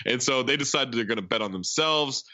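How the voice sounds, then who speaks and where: A man's voice: medium pitch, a little fast, dry recording, dull audio. A man co-hosting a podcast, casually retelling a film's scenes with lots of quoting and asides. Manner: animated retelling with quoted lines. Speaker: podcast co-host. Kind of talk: casual movie recap chat.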